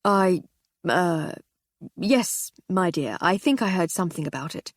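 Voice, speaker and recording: A woman voicing a timid henpecked husband, stammering, nervous, breathy. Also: on the low side, expressive, slow, dry recording, clean studio sound, full character voice.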